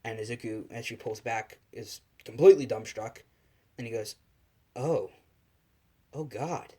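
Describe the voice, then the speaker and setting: A man's voice: fairly low pitch, fairly even intonation, moderate pace, mellow. A man casually telling a fan story into a phone, rambling and swearing, with frequent restarts. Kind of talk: casual spoken fan fiction.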